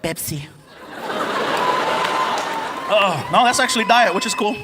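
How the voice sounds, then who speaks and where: Stand-up comedian, male, high voice, animated and playful, live theater audience roaring, noisy room. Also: fast talker, long reverb tail. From United States. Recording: live stage recording with loud crowd.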